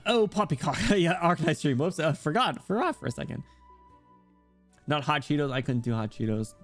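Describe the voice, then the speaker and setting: A man's voice: fairly high pitch, normal speed, faint music behind. A man streaming and chatting casually with his viewers, rambling and poking fun at himself. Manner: rambling, self-deprecating, joking.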